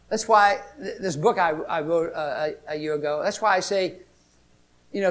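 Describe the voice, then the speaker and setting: A man preaching a sermon, swinging between loud emphatic exclamations and hushed storytelling. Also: high voice.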